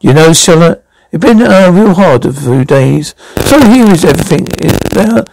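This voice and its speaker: A man reading a fan-made radio drama and voicing every role himself, with a halting delivery full of stumbles and restarts. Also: on the high side, lively intonation, gravelly, a little mellow, dry recording, low-quality recording. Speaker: fan audio drama reader voicing all roles.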